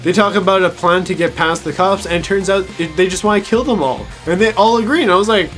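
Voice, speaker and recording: A man's voice: high-pitched, a little fast, few pauses, a bit bright, faint music behind. A man recapping a TV episode in a casual, crude, mocking way, swearing and laughing at his own jokes. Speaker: TV show reviewer.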